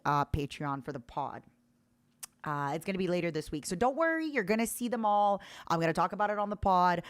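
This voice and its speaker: A woman streaming from an indoor room, chatting casually with her viewers in a bouncy way, her pitch jumping up as she reads their messages. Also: dry recording. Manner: chatty, bouncy, jumps in pitch when reading chat. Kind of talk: casual livestream chat.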